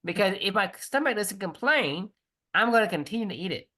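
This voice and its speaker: A man's voice: high voice, expressive, a little fast, sharp tone. A man co-hosting a podcast over a video call, explaining his points earnestly and restarting sentences often. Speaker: podcast co-host. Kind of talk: casual chat.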